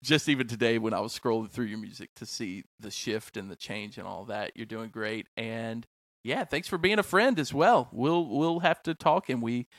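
Laughing, easygoing host. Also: male voice, medium pitch, animated, moderate pace, few pauses, fairly bright tone, dry recording, clean studio sound. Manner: laughs often, easygoing and self-mocking. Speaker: podcast host. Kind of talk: casual conversation.

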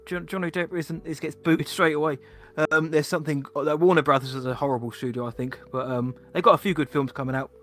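A man co-hosting a casual chat, opinionated and chatty with quick asides. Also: a little high, steady tone, a bit bright, soft background music. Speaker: podcast co-host.

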